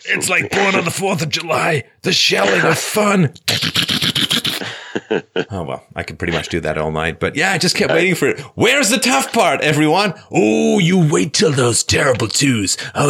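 A male host on a call-in show, talking sarcastically and acting out mock shouted scenes. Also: mid-range voice, creaky, breathy edge. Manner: sarcastic, acts out mock war-movie shouting.

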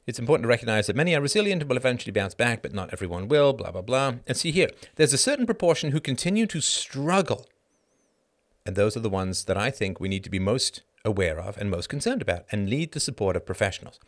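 A middle-aged man hosting a live show, reading an article aloud and breaking off into sarcastic, emphatic commentary whose pitch climbs sharply when he gets indignant. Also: big pitch swings, fast talker. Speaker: podcast host.

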